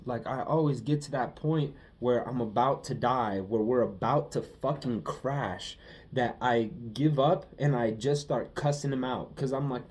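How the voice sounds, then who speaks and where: A man's voice: mid-range voice, a little slow, a little mellow. A young man talking through a casual personal monologue, emotional and profane, often repeating himself. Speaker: vlogger.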